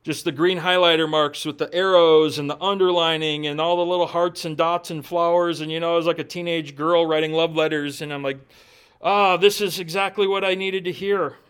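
Earnest man preaching, fairly high voice. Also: little pitch movement, fairly quick, few pauses, a bit bright, clean tone. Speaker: pastor. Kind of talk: sermon.

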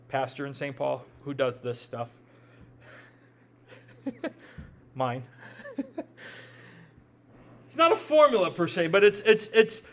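In a high-pitched, fairly bright voice, a man with a Midwestern accent preaches as pastor. His sermon has a conversational feel, marked by repeated words as he thinks aloud and by humorous asides.

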